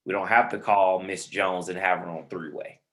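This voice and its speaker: A man's voice: low voice, fairly even intonation, moderate pace, fairly bright tone. A man teaching a real estate webinar on a video call, informal and friendly, calling listeners man and brother. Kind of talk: online webinar instruction.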